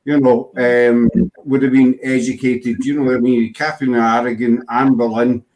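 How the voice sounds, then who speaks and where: A man's voice: mid-range voice, level tone, normal speed, darkish tone. A man with a Glaswegian accent hosting a casual chat, rambling and restarting his sentences. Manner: rambling, full of fillers and restarts. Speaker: host.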